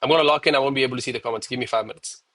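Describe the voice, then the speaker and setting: A man in his thirties talking live to his viewers in a loose, chatty way, often calling them bro. His voice is bright and forceful, and he is a little winded from push-ups. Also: medium pitch, racing. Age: 30s. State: out of breath between push-ups. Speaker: live trading streamer. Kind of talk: live-stream commentary and chat.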